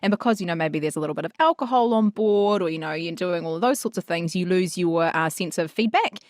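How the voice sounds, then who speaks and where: Low-voiced woman recalling with care. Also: fast, dry recording, clean studio sound. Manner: reflective, explanatory. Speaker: podcast co-host, voice therapist. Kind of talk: casual chat.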